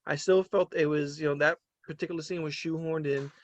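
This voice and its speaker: Man, casual co-host, a bit high-pitched, dry close sound, opinionated and animated. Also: fairly quick, no room sound. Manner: animated, laughs often, trails off with "um". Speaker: podcast co-host. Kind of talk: casual movie review chat.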